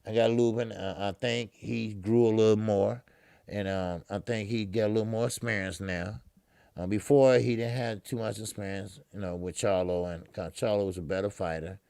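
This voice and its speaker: Man, gravelly, dry close sound, casual fight commentary, profane street talk. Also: on the low side, normal speed, no echo. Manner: profane, loose street-talk, laughs at himself; loud excited blow-by-blow when action starts. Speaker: boxing commentator.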